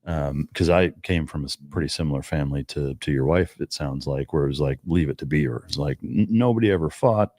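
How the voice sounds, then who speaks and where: Very deep-voiced man, dry close sound. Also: mellow, dry recording. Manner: casual, halting, lots of fillers.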